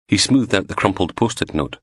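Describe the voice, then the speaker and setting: A man reading a crime novel aloud as an audiobook narrator, in steady, measured scripted narration. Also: fairly low pitch, slightly rough, no echo.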